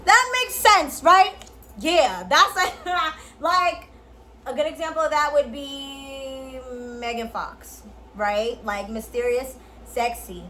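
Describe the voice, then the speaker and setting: A woman vlogger giving a casual tutorial straight to camera. She is playful and blunt, swears a lot and uses slang, and at times drops into a low, slow sultry voice to demonstrate. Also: sharp tone, slight background noise, rough recording. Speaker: beauty and lifestyle vlogger.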